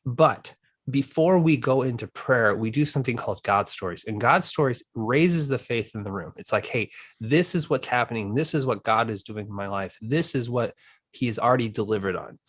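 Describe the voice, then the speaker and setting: A man's voice: mid-range voice, moderate pace, fairly bright tone, dry recording, clean studio sound. A man hosting a group video call, talking in an upbeat, rambling way with many fillers. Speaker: host of a group coaching call.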